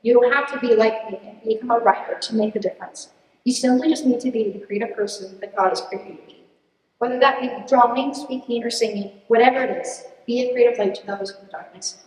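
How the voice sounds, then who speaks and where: A young woman in her late teens giving an earnest, animated student presentation and answering questions, laughing at herself now and then. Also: on the high side, fairly quick. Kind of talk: presentation speech and Q&A. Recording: echoey hall, distant mic.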